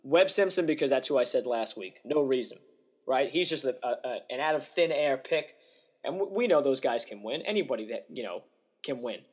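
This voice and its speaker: A young man in casual podcast chatter, mid-pitched and lively. He jokes around and rolls straight into his next thought. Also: a little fast, husky. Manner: animated, jokey, mimics players' voices. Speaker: podcast co-host. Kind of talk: casual chat.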